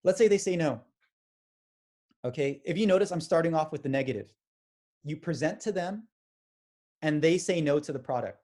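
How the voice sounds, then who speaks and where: Energetic man giving a sales pep talk. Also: a little high, normal speed, long pauses. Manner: energetic, acts out quoted conversations. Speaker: business trainer. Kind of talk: motivational sales training talk.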